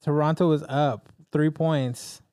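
An easygoing young man co-hosts a podcast, chatting casually and readily agreeing with his partner. His voice is mellow and warm in tone, recorded close and dry. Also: fairly high pitch, steady tone, takes it slowly, smooth, no room sound. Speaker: podcast co-host. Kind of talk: casual chat.

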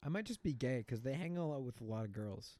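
A young man in casual chat, animated and laughing, often breaking into silly voices. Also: medium pitch, fairly quick, no room sound.

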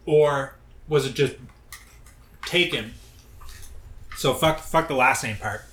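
A man co-hosting a podcast in casual chat, animated and jokey, swearing freely. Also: medium pitch, slow. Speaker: podcast co-host. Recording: echoey room, faint noise.

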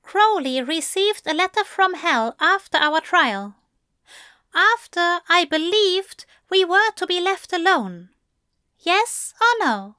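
A woman reading a story, voicing a gentle, affectionate male angel who coaxes softly. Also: very high voice, big pitch swings, slow, no room sound, clean studio sound, pitched above the performer's own voice, exaggerated voice. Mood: coaxing. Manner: soft, crooning, coaxing.

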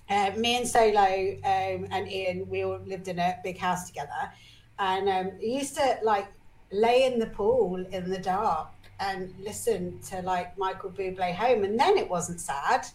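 Speaking a little slowly in a mid-range voice, a woman appears as a podcast guest and candidly shares emotional personal stories with energy. She swears casually and keeps restarting her sentences, and the audio is poor.

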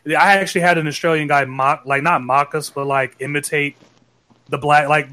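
A man's voice: fairly high pitch, steady tone, normal speed, pushed and bright. Curious man on a casual panel. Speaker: panel guest.

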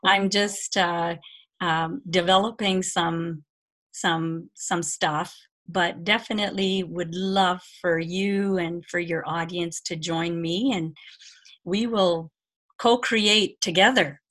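A woman guest giving spiritual advice in a measured, soothing way, repeating words for emphasis. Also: lowish voice, fairly even intonation, a bit bright. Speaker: podcast guest, spiritual teacher. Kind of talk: calm guidance in conversation.

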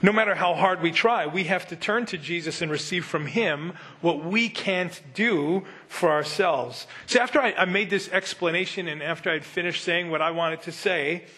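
Conversational male pastor, slightly high voice. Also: normal speed, hardly any pauses, bright, forceful tone. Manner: conversational, acts out quotes in character voices. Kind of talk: sermon teaching.

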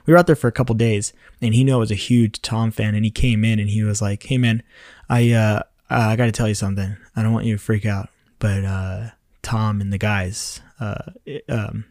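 A man's voice: on the low side, level tone, brisk, darkish tone, no room sound, clean studio sound. Laid-back slangy man telling a story. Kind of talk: casual storytelling chat.

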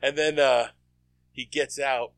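A man in casual chat, recalling details haltingly and repeating words. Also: medium pitch, fairly even intonation, dry recording.

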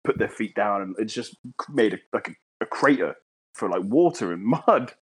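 Brief: man, podcast co-host, lively swinging pitch, chatty sweary storyteller, dry close mic. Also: normal speed, husky. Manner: rambling, sweary, laughs often, many restarts. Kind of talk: casual comedic storytelling.

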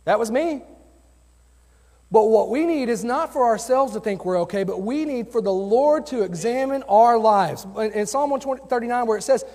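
High-voiced youth pastor preaching in a hall. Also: male voice, brisk, a little mellow. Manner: earnest, conversational preaching with personal stories. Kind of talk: sermon. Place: church sanctuary. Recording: long hall reverb.

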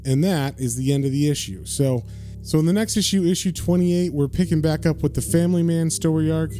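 Chatty comic-recap host, mellow voice. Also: male voice, fairly high pitch, brisk, soft background music. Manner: chatty retelling with fillers. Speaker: comic book reviewer.

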